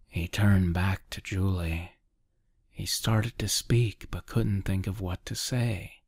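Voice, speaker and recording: A man narrating a dark short story as a soft, half-whispered ASMR reading close to the mic. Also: low voice, steady tone, vocal fry, breathy edge, dry recording. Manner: quiet, half-whispered, measured.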